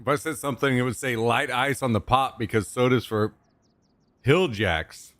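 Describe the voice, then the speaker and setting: A man's voice: medium pitch, steady tone, fairly quick, a bit bright, no room sound. Joking young streamer guy, dry close mic. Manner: loose, joking, talks to chat and his dog, swears casually. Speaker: livestreamer. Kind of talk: casual live-stream chat.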